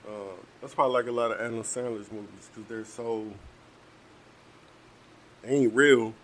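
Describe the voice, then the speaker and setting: A man's voice: medium pitch, steady tone, normal speed, slight background noise. A man from Detroit hosting a casual solo podcast, talking bluntly and heatedly with lots of profanity while eating and drinking. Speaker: podcast host.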